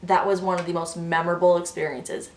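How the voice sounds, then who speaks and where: A young woman telling a story in a casual vlog, gushing and excitable, full of "like". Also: on the low side, brisk. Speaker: vlogger. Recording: echoey room.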